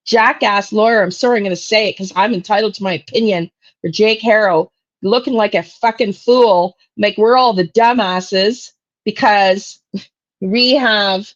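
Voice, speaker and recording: A woman's voice: mid-range voice, normal speed, highs cut off. A woman hosting a true crime channel, ranting bluntly and angrily with plenty of profanity on a live stream. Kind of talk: live-stream soapbox rant.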